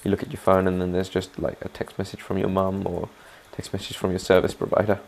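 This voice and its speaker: Deep and creaky with a slight mellowness, this man's voice comes out fast and completely flat. He hosts a gaming channel, and in his let's play commentary he rambles chattily over his own playthrough, often asking the audience what they think.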